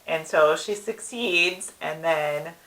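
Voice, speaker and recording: Woman with a bright, lowish voice chatting. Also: slow pace, poor audio. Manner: relaxed explaining, with light laughs. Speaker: podcast co-host. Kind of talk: casual episode review chat.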